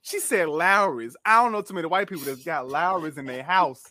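A man's voice: on the high side, expressive, brisk, a crowd in the background. A man co-hosting a casual podcast chat, blunt and profane, often laughing. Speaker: podcast co-host.

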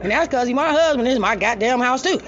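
A woman telling a story in a loud, profane, animated rant. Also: high voice, muffled recording. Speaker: storyteller vlogger.

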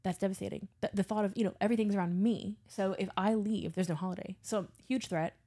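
A young woman from South Louisiana co-hosts a casual podcast chat. She tells stories with animated energy and swears freely. Her voice sits at an ordinary middle pitch. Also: fast talker. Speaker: podcast co-host.

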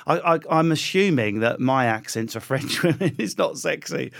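A man's voice: on the high side, expressive, moderate pace, gravelly, a bit bright. A man with an Essex accent, a comedian guest riffing animatedly in casual chat.

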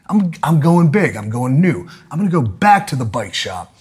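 Husky man ranting with lively pitch. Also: normal speed. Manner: angry, swearing, loud outbursts. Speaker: podcast guest telling a story. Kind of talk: profane comedic rant.

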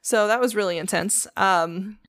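A woman's voice: medium pitch, moderate pace, a bit bright, no room sound. A young woman hosting a podcast, retelling ghost stories in a loose, profane, filler-heavy way. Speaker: podcast host. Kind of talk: casual storytelling chat.

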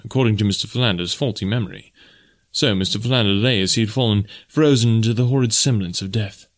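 A man with a fairly low voice reads an audiobook aloud. His storytelling is steady and measured, easy to follow. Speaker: audiobook narrator and podcast host. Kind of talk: audiobook reading.

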